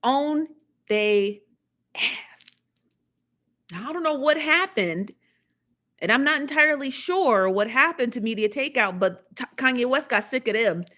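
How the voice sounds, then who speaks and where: A woman's voice: sits high, lively intonation, normal speed, bright, forceful tone. A woman hosting a live stream, chatting casually about news and gossip, often repeating herself and laughing. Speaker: live show host.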